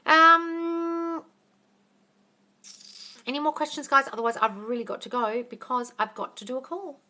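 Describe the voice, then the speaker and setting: Woman doing a live q&a on her phone, high-ish voice, sharp and bright, swears a lot, calls everyone darling. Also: fairly even intonation, measured pace. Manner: blunt and profane, calls listeners darling. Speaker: manifesting coach answering live questions. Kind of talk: casual live Q&A.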